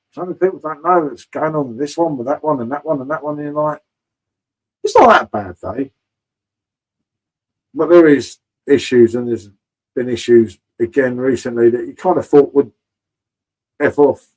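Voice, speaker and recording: A man's voice: on the high side, rough recording. A man in casual live-stream chat from a home bar, chatty and swearing freely, calling everyone mate.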